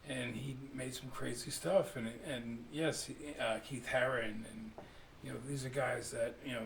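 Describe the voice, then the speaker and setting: A man with a gravelly, fry-laden voice talks casually as a radio guest, wandering through his answers with plenty of fillers. He sounds set back from the microphone in an echoey room, with a faint hum behind him. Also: medium pitch, moderate pace. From United States. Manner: rambling, lots of fillers, animated when telling stories. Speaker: street artist guest. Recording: roomy, distant mic, faint hum.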